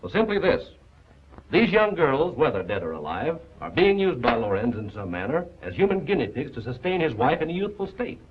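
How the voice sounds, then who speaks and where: A lively, quick old-film doctor. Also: male voice, fairly high pitch. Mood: explaining. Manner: measured, explanatory. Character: earnest male doctor explaining a case. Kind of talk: 1940s film acting. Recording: dull lo-fi old film soundtrack.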